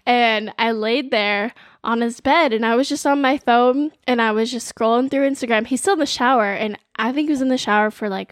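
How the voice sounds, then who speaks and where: High-voiced young woman telling a story. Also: no echo, studio quality. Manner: lively storytelling, full of "like". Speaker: podcast co-host. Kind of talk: casual chat.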